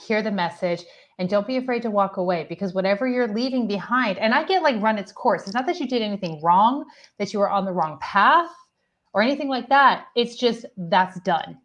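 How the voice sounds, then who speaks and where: A woman giving a live spiritual reading in a gentle, reassuring way. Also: mid-range voice. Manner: gentle, reassuring, steady guidance. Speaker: psychic reader.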